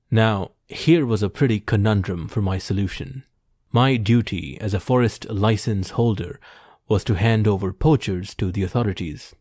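A man narrating an audiobook in a measured, formal storytelling manner. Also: lowish voice, a little mellow, no echo, clean studio sound. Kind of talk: scripted narration.

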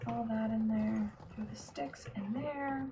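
A woman's voice: on the high side, fairly even intonation, takes it slowly, dark tone, a little hiss or hum. A woman streamer casually talking to herself while playing, muttering, trailing off and often half-whispering. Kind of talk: casual gameplay commentary.

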